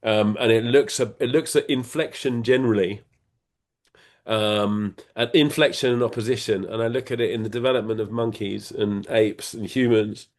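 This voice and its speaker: A middle-aged man, appearing as an interview guest, explains his ideas in casual conversation, rambling and playful with lots of restarts and fillers. His voice is on the low side, at a moderate pace.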